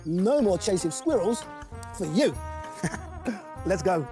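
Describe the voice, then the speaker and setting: A man's voice: sits high, big pitch swings, slow, full character voice. A man playing a cheerful, bumbling dog walker in a children's show, chatting away to his dog. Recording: voice over loud background music.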